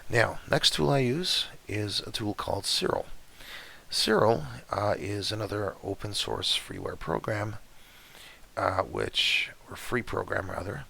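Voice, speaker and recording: A man whose voice keeps cutting in and out, walking through software step by step in a relaxed, chatty way as he records his screen. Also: on the low side, a little slow, vocal fry, slightly rough. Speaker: astrophotography tutorial maker.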